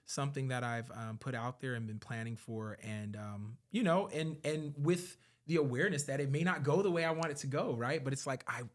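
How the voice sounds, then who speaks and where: A man in casual conversation as a podcast guest, telling a story in an earnest tone and acting out conversations with big jumps in pitch and loudness. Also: fairly quick, few pauses. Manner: earnest and reflective when talking about his work and faith.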